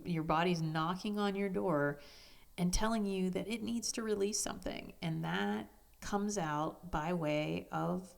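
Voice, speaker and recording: A woman hosting a personal podcast, talking candidly with frank, self-deprecating humor, casual swearing and soft asides. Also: fairly low pitch, gravelly. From United States. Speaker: podcast host.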